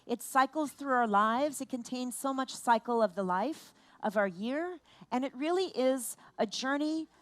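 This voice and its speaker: A woman leading a lively family service, animated and playful, asking children questions and exclaiming at their answers. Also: high-pitched. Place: large room in a temple.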